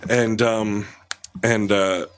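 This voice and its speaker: A man's voice: lowish voice, flat delivery, extremely slow. A man casually telling a profane neighborhood anecdote in a podcast chat.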